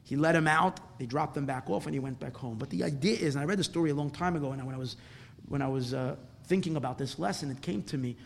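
A religious teacher telling a tale as a lesson, with animated, repetitive phrasing that swells louder at dramatic moments, then closing with a blessing. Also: male voice, medium pitch, fast, gravelly, slight background noise. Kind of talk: storytelling lesson ending in a blessing.

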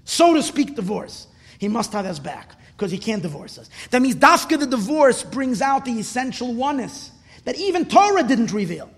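High-voiced impassioned preacher in a hall. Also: male voice, big pitch swings, normal speed, husky. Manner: impassioned, swings from hushed to loud and emphatic, repeats words. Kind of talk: sermon. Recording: long reverb of a hall.

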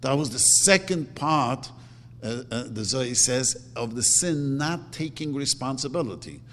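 Guy teaching a torah class, emphatic, repeats himself, mid pitch, long hall echo. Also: expressive, unhurried, fairly bright tone. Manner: emphatic, repeats words, acts out quotes. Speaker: religious teacher. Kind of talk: Torah lecture.

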